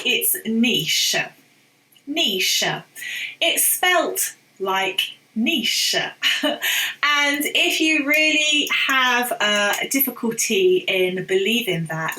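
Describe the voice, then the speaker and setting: A woman talks to camera as an online teacher, chatty and opinionated. Her voice sits a little high and sounds bright. The room adds a roomy echo. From England. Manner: chatty and opinionated, with asides and laughs. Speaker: online English teacher and business coach. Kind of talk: casual talk to camera.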